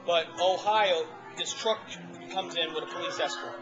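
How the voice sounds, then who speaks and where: A man casually telling a long personal story to a small group in a restaurant, animated and restarting often. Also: on the high side, moderate pace. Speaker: former ambulance responder telling his story. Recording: dull lo-fi audio with loud music behind. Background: restaurant music.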